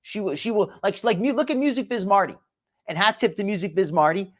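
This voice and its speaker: A man's voice: high-pitched, lively intonation, a little fast. Rambling male commentary host. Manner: rambling, repeats words, many fillers. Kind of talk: casual commentary.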